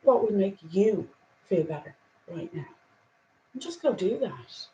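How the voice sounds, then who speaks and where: A woman hosting a casual spiritual talk and reading angel cards, earnest and reflective, with soft laughs and a little emotion. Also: mid-range voice, lively intonation, measured pace, highs cut off.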